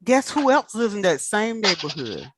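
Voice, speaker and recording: A woman in casual chat, telling animated stories and acting out the people she quotes. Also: medium pitch, moderate pace, noisy background.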